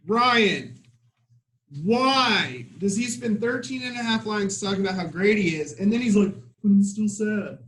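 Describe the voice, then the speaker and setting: A man with a notably high voice leads a literature lesson in a classroom. He keeps the class moving with quick rhetorical questions and checks in with "right?" over and over, in an animated, conversational teaching manner. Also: poor audio. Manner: lively, asks many rhetorical questions, says "right?" often.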